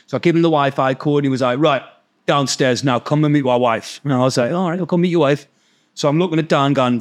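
A man with a Geordie accent telling a long, animated story in casual chat, swearing freely and acting out the other people's voices. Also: medium pitch, quick pace. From North East England. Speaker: podcast guest storyteller.

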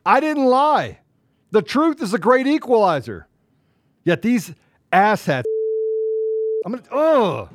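A man co-hosting a political talk show, angry and emphatic, swinging between loud outbursts and low muttering. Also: wildly swooping pitch, unhurried, long pauses, background noise. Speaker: podcast co-host.

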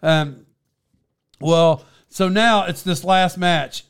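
A man telling a story in casual chat, animated, breaking into loud impressions of an excited fan. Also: high-pitched, very slow, vocal fry, clear, resonant tone.

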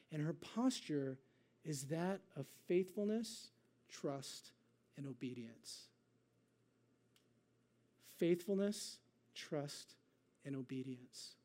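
Guy preaching, pitched high, warm soft tone, chatty then slows way down to read scripture. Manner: dramatic readings with slowed, drawn-out emphasis; conversational asides. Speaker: pastor. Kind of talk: sermon.

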